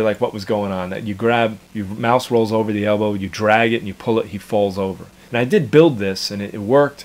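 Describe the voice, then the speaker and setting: A cartoon creator in his thirties, with a voice on the low side, chats casually in an interview. He rambles, repeats his words, and chuckles as he goes.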